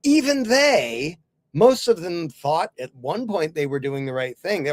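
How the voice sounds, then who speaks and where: A man's voice: a little high, sing-song, measured pace, no echo. A man talking as a podcast guest and author, earnestly explaining his ideas through hypothetical questions in a casual interview.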